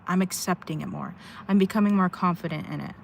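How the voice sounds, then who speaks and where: A woman's voice: on the low side, fast, creaky, slight background noise. A woman livestreaming from inside her car at a rest stop, venting candidly and rambling with sighs. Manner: rambling, sighing, heartfelt venting. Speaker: live streamer.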